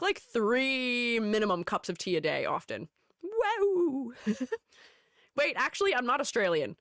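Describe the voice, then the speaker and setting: A woman VTuber with a mid-range, fairly bright voice chats casually and playfully on her livestream, often giggling and talking to herself. The recording is dry, with clean studio sound.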